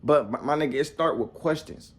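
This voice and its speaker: Husky-voiced young man as a vlogger delivering a casual, preachy motivational rant straight to camera. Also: fairly high pitch, a little fast. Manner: blunt and profane, repeats rhetorical questions; preachy, talks straight to the viewer.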